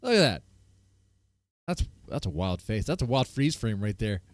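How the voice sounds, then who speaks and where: Guy streamer riffing on a clip, loud and mocking, bouncy pitch, dry close sound. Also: big pitch swings, moderate pace, dry recording. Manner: loud, mocking banter with laughter. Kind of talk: reaction commentary.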